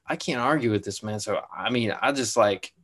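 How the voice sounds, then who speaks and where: A man's voice: on the low side, moderate pace, a bit bright. A young man co-hosting a podcast in casual chat, laid-back, saying "dude" and "like" a lot. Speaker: podcast co-host.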